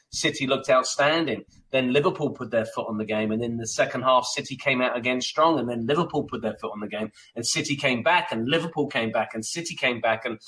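A co-host and soccer pundit on a radio talk show speaks in a mid-range voice with a sharp tone, over poor audio carrying a little hiss or hum. His casual sports talk is rambling and emphatic, loaded with fillers and restarts.

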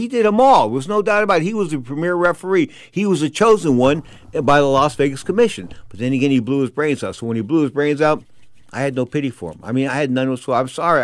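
A middle-aged man telling a story on his show, excitable, stammering and repeating words, swinging from loud to quiet. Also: mid-range voice, no echo, clean studio sound. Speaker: radio host telling stories. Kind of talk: casual storytelling.

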